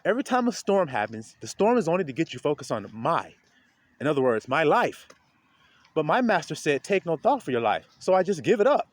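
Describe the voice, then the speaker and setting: High-voiced guy preaching to his viewers outside, phone in hand, swoops up and down a lot. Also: big pitch swings, fairly quick, no room sound. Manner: talks straight to viewers, rising to a loud preaching pitch. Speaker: street preacher. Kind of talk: informal outdoor video sermon. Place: outdoors in melting snow among trees.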